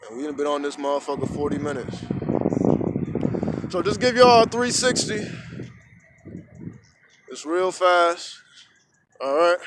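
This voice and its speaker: A man's voice: on the high side, a little slow, pauses often, slight background noise. A man talking casually to his phone camera outdoors at sunrise, rambling and swearing as he tells stories. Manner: profane, rambling, animated storytelling. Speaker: vlogger. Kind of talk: casual outdoor vlog monologue. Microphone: phone camera at arm's length.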